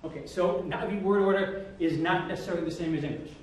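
A man teaching a language class, lively and drilling the students with call-and-repeat. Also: high-pitched, fast. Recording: echoey room from far off, faint noise.

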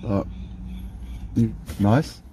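A man's voice: extremely slow, warm tone, slight background noise. A man, hosting a mukbang and teasing his partner in casual chat while he eats. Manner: playful, teasing, often talks with his mouth full. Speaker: mukbang host.

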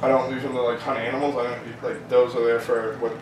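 A man's voice: medium pitch, flat delivery, fast talker. A man giving a heated, profanity-laced rant in an interview, full of restarts and repetition. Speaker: protest organizer being interviewed. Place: festival grounds. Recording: echoey, distant mic, loud ambient noise.

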